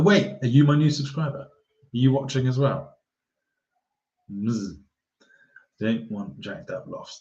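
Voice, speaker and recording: A man chatting casually on a live stream as a golf YouTuber, rambling and reading viewer comments aloud. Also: fairly low pitch. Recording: roomy, dull lo-fi sound.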